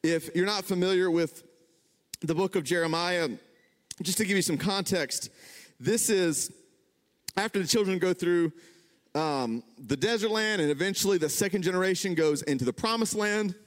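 A man preaching a sermon, conversational and animated, building to emphatic peaks. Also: sits high, moderate pace. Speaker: pastor. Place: church hall. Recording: reverberant church hall.

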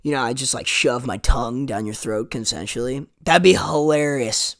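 A man's voice: medium pitch, normal speed, fairly bright tone. A young man hosting a podcast, ranting sarcastically with lots of swearing, "like" and "dude". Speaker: podcast host. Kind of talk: comedic rant monologue.

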